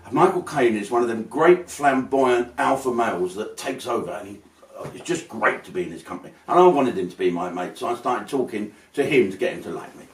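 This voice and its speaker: A man's voice: mid-range voice, expressive, brisk, distant mic. An older man, telling rambling, sweary comic stories in a casual way. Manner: swearing, rambling, slips into put-on voices. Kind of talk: casual anecdotal storytelling. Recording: roomy, from off-mic.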